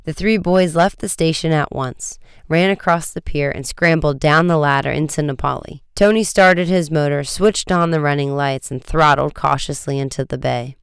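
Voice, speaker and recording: A man narrating a storybook chapter in a steady, measured reading. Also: on the high side, gravelly, clean tone, no echo, clean studio sound. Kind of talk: audiobook reading.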